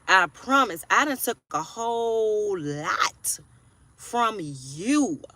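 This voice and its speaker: A woman's voice: mid-range voice, lively intonation, very slow, pushed and bright. A woman in her forties giving a casual tarot reading, blunt and profane, preaching and often asking if you hear her. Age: 40s. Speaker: tarot reader.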